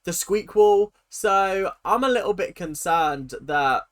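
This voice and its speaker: A woman's voice: mid-range voice, lively intonation, slow pace. A woman hosting a reaction video, giving sarcastic, giggly, mock-outraged commentary.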